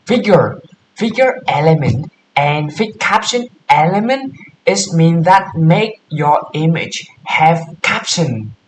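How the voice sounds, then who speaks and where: A man walking through coding exercises aloud, halting, repeating and correcting his words as he thinks. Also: a little high, lively intonation. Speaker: coding tutor. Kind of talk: casual screen-share coding walkthrough. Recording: roomy echo with faint hiss.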